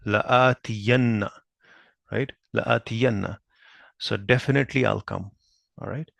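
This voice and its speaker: In a dry recording, a man with a lowish voice and vocal fry explains an Arabic grammar lesson at a whiteboard. He goes through each point patiently, says the Arabic terms slowly letter by letter, and keeps asking questions to make sure students follow.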